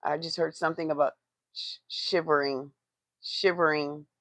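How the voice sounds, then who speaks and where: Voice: mid-range voice, little pitch movement, moderate pace, a bit bright, dry recording. A tarot reader doing a live reading, blunt and profane, who swears for emphasis and talks straight to the chat.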